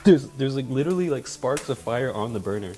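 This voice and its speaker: A man hosting a casual cooking vlog in a home kitchen, talking in a joking, self-mocking way with sudden loud outbursts. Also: medium pitch, expressive, brisk, loud music behind the voice. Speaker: cooking video host.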